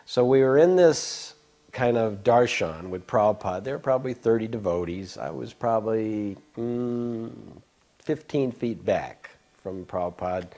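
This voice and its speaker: An older man casually recounting a personal memory, rambling with frequent restarts, stammers and soft laughs. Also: on the low side, unhurried. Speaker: devotee recalling memories. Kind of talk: casual storytelling.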